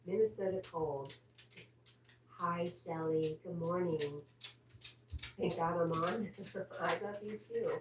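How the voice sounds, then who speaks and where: A woman hosts a casual home livestream, reading viewer comments aloud and answering them one by one. Her voice sits low and unhurried. She is set back from the mic in an echoey room with a faint hum of ambience behind her. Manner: reads viewer comments aloud, breaks off to scold her dog. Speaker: livestream host reading chat. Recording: roomy echo, distant from the mic, faint ambient noise.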